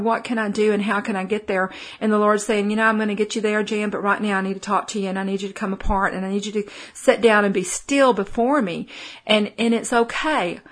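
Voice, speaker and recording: A woman's voice: medium pitch, a bit bright. Middle-aged Texan woman preacher, easygoing conversational sermon delivery, plenty of ums and restarts, mid-range voice. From Texas. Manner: folksy, many fillers and restarts. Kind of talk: conversational Bible teaching.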